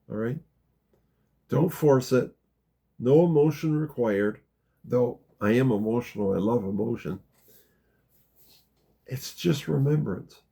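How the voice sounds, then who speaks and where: Slow gravelly man guiding a meditation. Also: mid-range voice. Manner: slow, gentle, drops to a near whisper in the guided parts. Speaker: spiritual teacher guiding a practice. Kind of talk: guided meditation talk.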